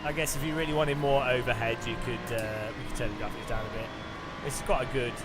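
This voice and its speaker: A man hosting a sim racing video, giving excitable, incredulous gameplay commentary with bursts of laughter. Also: medium pitch, fast. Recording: background music under voice.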